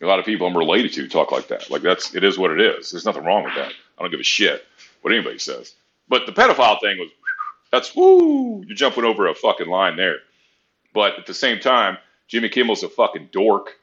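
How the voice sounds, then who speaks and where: A man's voice: deep voice, expressive, fast talker, bright, forceful tone. A man talking sports on a podcast in a blunt, profane, rambling way. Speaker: podcast co-host. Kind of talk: casual sports chat. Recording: dull lo-fi sound.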